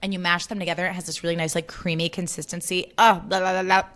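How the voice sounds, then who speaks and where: A woman's voice: on the low side, level tone, quick pace, a bit bright. Young woman host, bubbly chatty delivery, casual swearing, solo podcast chat.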